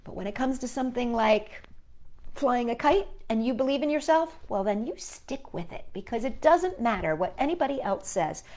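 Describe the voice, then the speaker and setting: A woman hosting a children's storytime, reading a storybook aloud in a gentle, expressive, child-directed way. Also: on the high side, normal speed.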